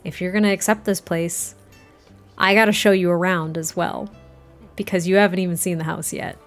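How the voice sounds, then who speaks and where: A woman's voice: lowish voice, fairly even intonation, faint music behind, lightly acted. A woman voicing Kingston, a devoted and tender young man who talks earnestly and stumbles over his words. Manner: soft, earnest, halting with restarts. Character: tender adult man, devoted loving partner.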